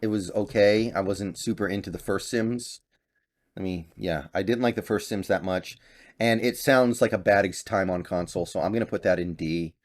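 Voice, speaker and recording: A man's voice: fairly low pitch, a little mellow. A young man giving casual, offhand gaming commentary, thinking aloud as he ranks games. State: slight cough and voice crack. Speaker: gaming YouTuber. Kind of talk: casual tier-list commentary.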